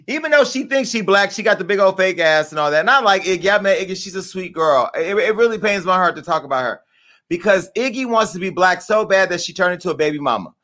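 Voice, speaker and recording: A man's voice: high-pitched, quick pace, pushed and bright. A man hosting his show in a rambling, crude and joking monologue. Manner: bawdy, rambling, joking asides. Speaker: show host. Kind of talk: casual crude comedic monologue.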